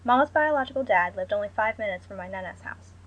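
A young adult woman reading a first-person story aloud in a measured, subdued way. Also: mid-range voice, lively intonation, lo-fi sound. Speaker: narrator.

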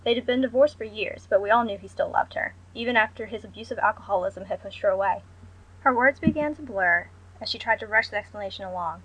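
A young adult woman reading a first-person story aloud in a measured, subdued way. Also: mid-range voice, a bit bright, low-quality recording. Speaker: narrator.

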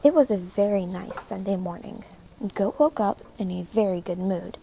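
A woman reading a children's story aloud in a slow, gentle, expressive way. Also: medium pitch, vocal fry, slight background noise, low-quality recording.

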